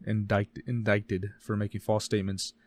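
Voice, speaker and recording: Casting: deep-ish male podcast co-host, dry close sound, quick reading with stumbles and self-corrections. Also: fairly even intonation, dry recording. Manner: reads case notes fast, stumbles and corrects himself. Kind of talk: casual true-crime podcast reading.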